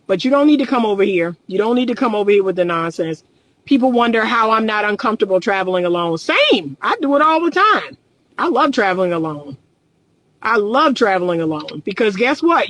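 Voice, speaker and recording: A woman's voice: a little high, no echo, poor audio. A middle-aged woman and relationship coach, talking candidly and emphatically in a casual livestream, repeating her points and often laughing.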